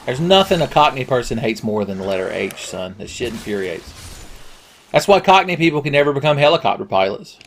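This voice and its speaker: Man, gameplay commentator, crude, jokey, yells at the game. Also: lowish voice, animated, fairly quick, a little hiss or hum. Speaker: Let's Play commentator.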